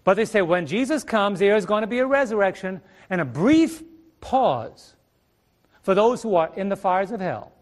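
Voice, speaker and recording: High-voiced preacher asking the congregation questions. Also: male voice, expressive, normal speed. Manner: emphatic, rhetorical questions to the congregation. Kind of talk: sermon. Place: church stage. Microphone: stage microphone.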